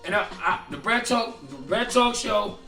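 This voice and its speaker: A man co-hosting a casual chat show, animated and profane, often restarting his sentences. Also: high-pitched, moderate pace, creaky, reverberant, far from the mic, faint music behind. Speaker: podcast co-host.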